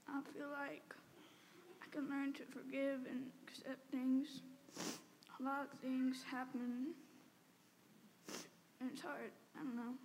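Teen girl, high and gravelly, hesitant tearful testimony, reverberant space with faint noise behind. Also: a little mellow. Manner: halting and tearful, filled with "like" and "um". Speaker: speaker giving a personal testimony. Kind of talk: emotional personal testimony.

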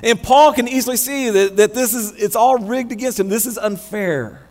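An American man preaching a sermon, animated, often restarting his words mid-phrase. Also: very high-pitched, moderate pace. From United States. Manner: animated, many restarts and stammers. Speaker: pastor. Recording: long hall reverb with mains hum.

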